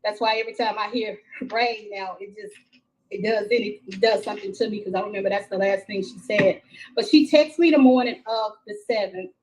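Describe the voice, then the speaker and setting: A middle-aged woman from Texas, a mother telling her story in a live-stream interview, halting and repeating herself with many fillers. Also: mid-range voice, poor audio. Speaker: grieving mother, interview guest. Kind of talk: emotional first-person account in a live-stream interview.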